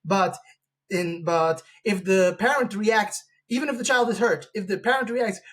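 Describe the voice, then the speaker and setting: Speaking at a normal pace in a high-pitched, slightly bright voice, a male podcast host delivers an extended opinionated monologue. He rambles, restarts often, and performs the voices of people he quotes during the interview.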